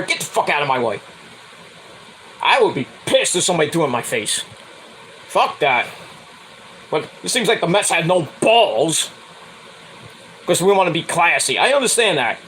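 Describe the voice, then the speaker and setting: A man's voice: a bit bright, slight background noise, low-quality recording. A man hosting a podcast, ranting bluntly and profanely about sports fans. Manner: profane, blunt, mocks with high whiny voices. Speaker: podcast host. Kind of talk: casual sports rant.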